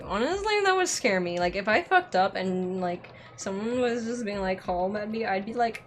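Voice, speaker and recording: A woman's voice: medium pitch, lively intonation, normal speed, few pauses. Rambling, swearing woman gamer. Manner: rambling, scattered, swears freely. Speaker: let's play gamer. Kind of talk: casual gameplay commentary. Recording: game music behind.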